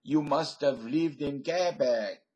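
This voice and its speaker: A man's voice: fairly high pitch, slow, darkish tone, lo-fi sound. An older man rambling through a stream-of-consciousness comedy monologue into a webcam at home, laughing at his own jokes. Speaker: vlogger.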